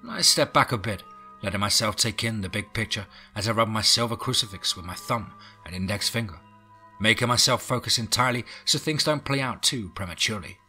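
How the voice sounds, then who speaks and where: A man reading a horror audiobook in a low, brooding way with whispered asides. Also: sharp tone, breathy edge. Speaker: audiobook narrator.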